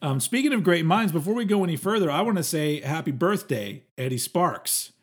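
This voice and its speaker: A man in his forties co-hosting a casual podcast, talking in a rambling, halting way with plenty of fillers and swearing. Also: a little high, lively intonation, husky. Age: 40s. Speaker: podcast co-host. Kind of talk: casual chat.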